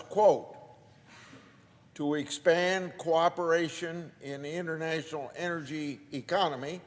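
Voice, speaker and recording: Measured male senator with a slightly high voice, reading quotes into the record in a reverberant chamber. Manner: deliberate, reads out quoted documents. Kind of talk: formal floor speech.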